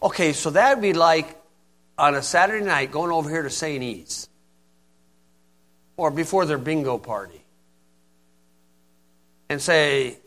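A man's voice: on the high side, unhurried, long pauses, a bit bright. A man preaching an informal sermon in a folksy, blunt way, often asking "okay?".

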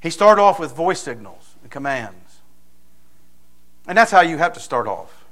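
Folksy preacher man, rising to loud emphasis. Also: on the high side, big pitch swings, a little slow. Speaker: pastor. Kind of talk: sermon.

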